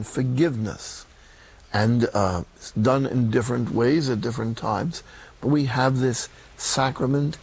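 An older man, a Catholic priest, talking in a blunt, folksy, emphatic way with sudden loud peaks. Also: medium pitch, vocal fry, slightly rough. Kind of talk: sermon-style talk.

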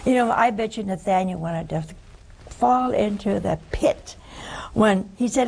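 An older woman preaching a folksy, animated sermon, swinging between loud bursts and hushed asides. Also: medium pitch, a little slow, vocal fry, poor audio.

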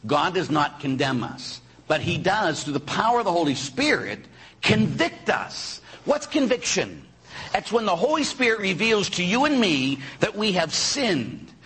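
Husky, animated priest preaching a sermon. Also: male voice, high voice, measured pace, poor audio. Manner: animated, peppered with rhetorical questions and "huh?". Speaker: Catholic priest.

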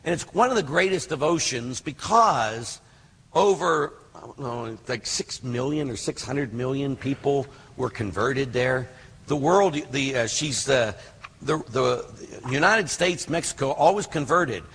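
Older male priest, husky and chatty, heard in a reverberant hall. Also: mid-range voice, animated, unhurried, a bit bright. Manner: earnest, conversational, with fillers and digressions. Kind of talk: teaching talk on prayer.

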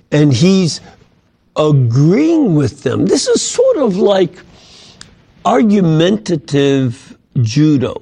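A man leading a Bible study, reading passages aloud and then unpacking them. He talks slowly, with a warm, mellow tone. He often stops to restart a thought or add an "um". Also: mid-range voice, creaky. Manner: explanatory, with frequent fillers and restarts.

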